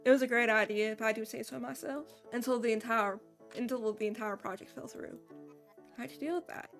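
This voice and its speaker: A woman's voice: a little high, fairly even intonation, a little fast, faint music behind, natural voice. A woman voicing a folksy male hardware store owner in a Southern American accent, in a video game playthrough. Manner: drawling, homespun.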